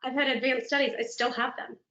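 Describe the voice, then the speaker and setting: Animated woman speaker in an echoey room. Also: sits high, fast talker. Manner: animated, dramatic storytelling with laughs. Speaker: motivational speaker. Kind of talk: virtual keynote talk. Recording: echoey room, dull lo-fi sound.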